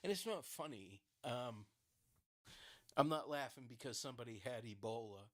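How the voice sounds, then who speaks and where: A man in casual solo commentary on a true-crime case, at a middling pitch for a man. He rambles, restarts his sentences and leans on filler words. He breaks into laughter often and swears bluntly. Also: expressive, moderate pace, fairly bright tone.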